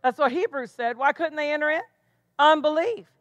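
A woman's voice: high-pitched, moderate pace, no echo. A woman pastor preaching a sermon with emphatic delivery, tossing questions back to the congregation. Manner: emphatic preaching with call-and-response asides.

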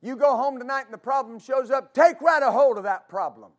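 A fervent male pastor preaching with a notably high-pitched voice. He repeats his key phrases, stumbles into quick restarts, and calls for answers from the congregation. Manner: call-and-response with congregation. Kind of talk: preaching a sermon.

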